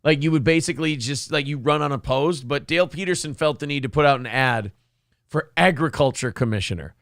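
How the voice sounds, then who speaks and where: A male host joking crudely and rambling through a casual live-stream chat. His voice sits high and bright with a gravelly rasp. The recording is close and dry. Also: brisk, no echo.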